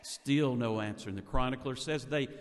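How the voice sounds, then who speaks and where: A man's voice: medium pitch, moderate pace, big-room sound. A man preaching a sermon, retelling a story with rhetorical questions and repeated words.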